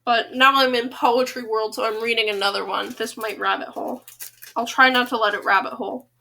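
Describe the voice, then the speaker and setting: A woman's voice: on the high side, fairly even intonation, fairly quick, creaky, sharp tone. A woman hosting a podcast, reading humorous children's poems aloud with chatty asides between them and stumbling over tongue twisters.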